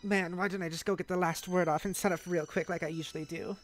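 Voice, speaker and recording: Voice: medium pitch, fairly even intonation, fast, natural voice. A snarky, sulking teenage troll girl with an exasperated grumble, as a streamer puts her on. Faint music plays underneath. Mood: sulky annoyed. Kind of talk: practicing a character voice on stream.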